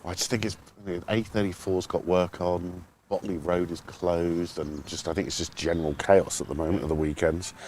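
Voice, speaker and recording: A man's voice: sits low, steady tone, moderate pace, few pauses, darkish tone, a little hiss or hum. A man giving chatty, jokey live commentary on a club cricket match. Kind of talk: casual live stream commentary.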